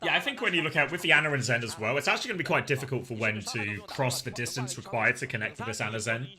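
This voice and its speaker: A man's voice: mid-range voice, rapid-fire, crowd noise. A man casting an esports match, trading jokes with his co-caster and laughing often before calling the play. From United Kingdom. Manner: laughs often, bright joking banter.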